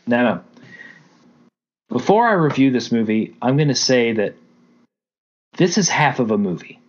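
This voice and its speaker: A man talks through a film plot as a podcast co-host, animated and casual with a few swear words thrown in. His voice sits in a middle register. The recording sounds a bit dull and lo-fi. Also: mid-range voice, a little slow. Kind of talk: casual movie review chat. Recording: dull lo-fi audio.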